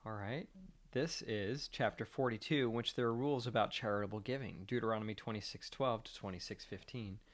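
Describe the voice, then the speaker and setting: A man's voice: on the low side, brisk. Dry-joking male podcast host. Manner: dry, jokey asides. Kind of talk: casual podcast chat and introductions.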